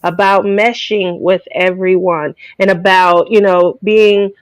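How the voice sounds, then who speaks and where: A woman's voice: mid-range voice, steady tone, slow pace, clean tone, no echo, low-quality recording. A woman hosting a craft channel, telling stories in casual chat, emotional and tearful.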